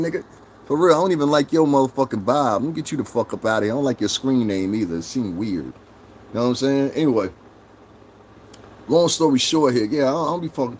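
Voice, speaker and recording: A man's voice: mid-range voice, a little mellow, slight background noise. Combative, foul-mouthed middle-aged male streamer. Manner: confrontational, mocking, swears constantly. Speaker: livestream host. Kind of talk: profane live-stream rant answering chat.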